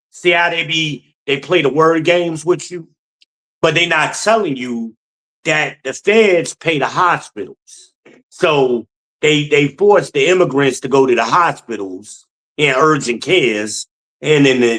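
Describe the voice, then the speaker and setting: A man's voice: a little high, fairly bright tone. Blunt, profane man ranting solo. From New Jersey. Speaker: podcast host. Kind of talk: solo opinion commentary.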